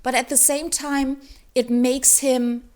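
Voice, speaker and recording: A woman's voice: high-pitched, slow. Exasperated woman ranting about a book. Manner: animated, exasperated ranting with many restarts. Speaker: book vlogger. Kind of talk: ranting reading vlog.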